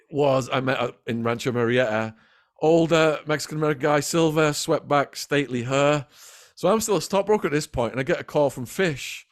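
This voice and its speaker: A man with an English accent telling a gritty crime story in an animated way, acting out the voices of the people in it and swearing freely. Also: medium pitch. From England. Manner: lively, acts out quoted voices, swears freely. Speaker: guest storyteller.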